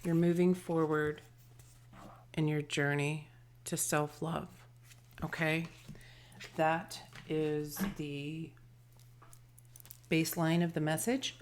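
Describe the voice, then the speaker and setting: A woman giving an intuitive tarot and charm reading, gentle and affectionate, often trailing off into soft murmurs. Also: sits low, little pitch movement, slow, pauses often, a little hiss or hum. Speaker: tarot reader and channeler.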